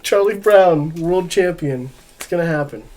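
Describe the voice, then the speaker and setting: A man co-hosting a wrestling podcast in casual chat, easygoing and quick to chuckle. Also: fairly high pitch, darkish tone. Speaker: podcast co-host.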